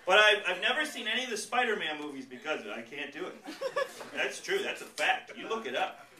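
A male stand-up comedian doing a set on a comedy club stage, animated and jumping into loud character voices, with audience laughter behind him. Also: high-pitched, fairly quick. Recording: roomy live club sound from a distance.

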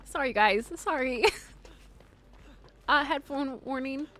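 A woman's voice: high voice, takes it slowly, fairly bright tone. A young woman streaming a game live, chatting with viewers, giggling often and shrieking and swearing when startled.

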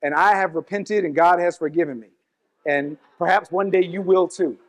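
A man with a very high voice preaches a testimony sermon in a church sanctuary. He darts through quick asides, then slows right down to lean on key lines. His voice rings out with a long reverb trail. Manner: swings from quick asides to slow emphatic lines.

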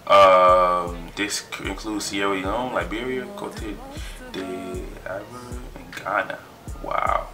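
Young guy vlogging, chatty and hyped, lowish voice, music going behind him. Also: a little slow. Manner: excited, chatty, trails off while reading. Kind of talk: casual vlog, reading results aloud.

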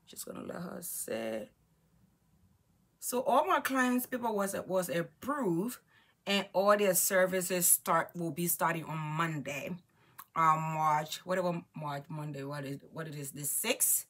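Excited chatty woman doing a makeup vlog, kinda low voice but bright and sharp. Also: unhurried. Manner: excited, chatty, repeats herself. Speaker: beauty vlogger. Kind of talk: casual get-ready-with-me chat.

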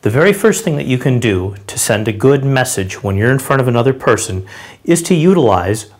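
A man's voice: medium pitch, big pitch swings, fairly quick. Man demonstrating gestures as he teaches. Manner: demonstrating gestures while explaining, conversational and direct. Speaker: sales and body language trainer. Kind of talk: instructional talk to camera.

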